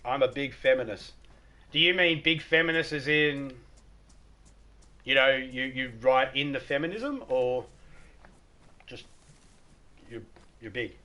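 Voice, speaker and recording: A man's voice: mid-range voice, lively intonation, slow, long pauses, sharp tone. A middle-aged Australian man chatting casually on a live stream, joking, swearing and laughing often.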